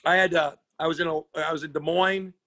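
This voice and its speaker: A man, a comedian guest on a podcast, telling a profane story in a lively, casual way and acting out other people's voices. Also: fairly high pitch, a little fast, dry recording. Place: podcast studio.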